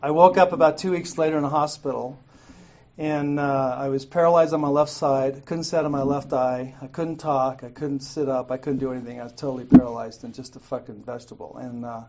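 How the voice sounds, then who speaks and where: A middle-aged man with a somewhat high, darkish voice is a guest speaker at a recovery meeting, sharing his personal story with the group in a meeting room. He's candid and profane, often laughing at himself. The recording is muffled and lo-fi, with clear noise.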